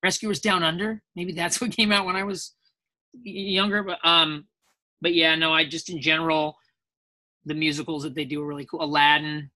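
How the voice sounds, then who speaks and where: A man talks as a guest voice actor in a relaxed interview. His voice is bright and forceful. He rambles through anecdotes and acts out the people he quotes. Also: fairly high pitch, normal speed. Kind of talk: casual interview storytelling.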